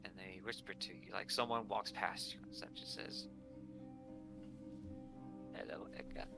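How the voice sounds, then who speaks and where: A man's voice: on the low side, level tone, a little fast, over loud music. A man narrating as dungeon master in a casual tabletop game, talking loosely with many fillers.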